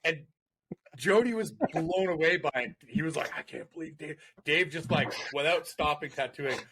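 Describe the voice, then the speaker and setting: A man hosting a podcast in a relaxed, easygoing way. He asks his guest questions and keeps up a steady stream of short agreeing replies. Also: fairly high pitch, normal speed, creaky, a little hiss or hum. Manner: laid-back, many short agreeing interjections. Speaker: podcast host. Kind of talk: casual chat.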